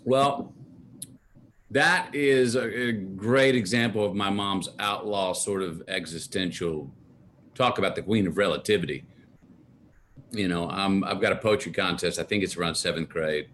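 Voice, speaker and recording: A man in his fifties with a Texan accent, a guest in a casual interview who tells stories with animated voices and frequent laughter. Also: low-pitched, moderate pace, slight background noise. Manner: animated storyteller, laughs often, acts out quoted voices. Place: his home.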